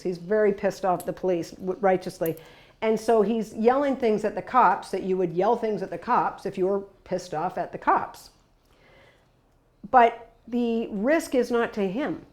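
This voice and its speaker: A woman presenting a talk to workers in a conversational, emphatic style, often adding tag questions. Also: medium pitch. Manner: lively storytelling with sudden bursts of loudness. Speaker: workshop presenter.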